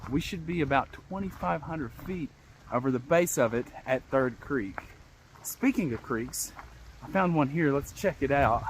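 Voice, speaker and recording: A man's voice: medium pitch, expressive, unhurried, a little hiss or hum. A man from Appalachia chatting casually to the camera as he hikes a mountain trail outdoors, upbeat and at times winded on the climb. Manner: chatty, upbeat, talks to camera while hiking. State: out of breath on the climb. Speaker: hiking vlogger.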